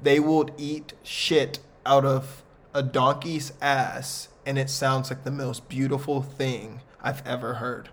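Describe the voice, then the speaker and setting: A man's voice: medium pitch, level tone, takes it slowly. A man hosting a casual podcast, asking teasing, jokey questions. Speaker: podcast host. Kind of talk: casual chat.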